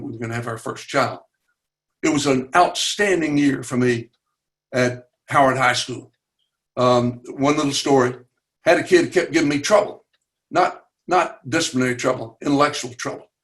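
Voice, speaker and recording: A man in his eighties with a Southern US accent, telling personal stories earnestly on a video call, halting with fillers and raising his voice at dramatic moments. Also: medium pitch, a bit bright. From Chattanooga, Tennessee. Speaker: webinar guest speaker. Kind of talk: personal storytelling.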